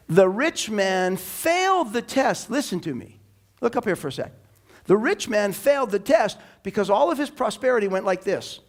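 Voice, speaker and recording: A man preaching a sermon in church as the pastor, animated and emphatic, now and then rising into loud bursts. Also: high-pitched.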